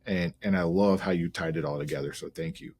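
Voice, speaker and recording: Husky low-voiced middle-aged male host. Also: steady tone, a little fast, darkish tone. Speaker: podcast host. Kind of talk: casual interview chat.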